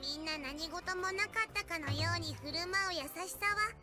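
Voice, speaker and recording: A blunt, playful teenage girl who teases others with cheeky deadpan remarks in an anime-style game. Her voice is very high and quick, and music plays behind her. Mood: teasing.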